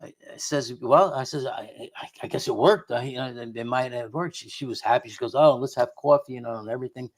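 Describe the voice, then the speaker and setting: A man's voice: medium pitch, fairly quick, hardly any pauses. A middle-aged man, a guest on a radio show, telling a personal story in a rambling way full of restarts and quoted dialogue. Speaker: guest investigator of the unexplained.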